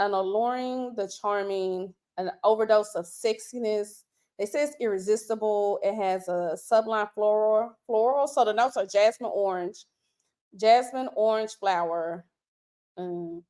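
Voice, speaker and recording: A young woman hosting a casual beauty livestream, talking in a chatty, slangy, lively way. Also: medium pitch. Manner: chatty, slangy, animated and laughing. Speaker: livestream host.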